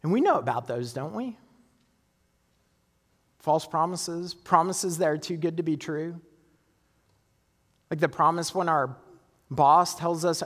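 A man's voice: fairly high pitch, expressive, unhurried, long pauses, a bit bright, big-room sound. A male pastor preaching a sermon in a conversational way, often checking in with his listeners. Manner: conversational, asks listeners for agreement.

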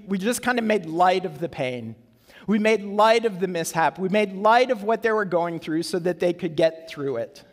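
A male pastor preaching an earnest sermon, repeating key phrases for emphasis, to a congregation in a church. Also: sits high. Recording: long church reverb.

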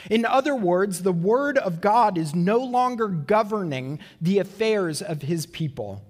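A man preaching a sermon in an earnest way, asking rhetorical questions and slowing down for emphasis. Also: high-pitched, lively intonation, big-room sound. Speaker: pastor.

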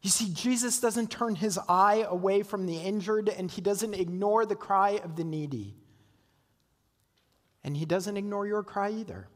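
High-voiced preacher in echoing sanctuary. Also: male voice, unhurried. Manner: earnest preaching with rhetorical questions. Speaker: pastor. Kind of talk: sermon.

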